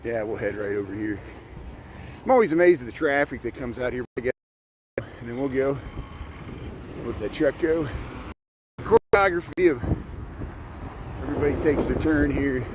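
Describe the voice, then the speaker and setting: A friendly, talkative man gives a live tour from his bike, pointing out sights as he goes. His voice sits at an ordinary middle pitch. Wind and traffic noise come through clearly around him outdoors. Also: expressive, moderate pace, long pauses. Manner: chatty, points out sights as he rides. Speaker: vlogger giving a livestreamed bike tour. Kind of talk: casual live tour commentary. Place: outdoors by a city lakefront harbor, riding a bike. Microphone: camera mounted on a bike. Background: wind noise from riding.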